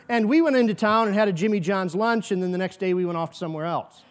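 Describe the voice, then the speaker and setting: High-voiced man preaching a sermon. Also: fast talker. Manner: earnest preaching with rhetorical questions and quoted asides. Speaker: pastor.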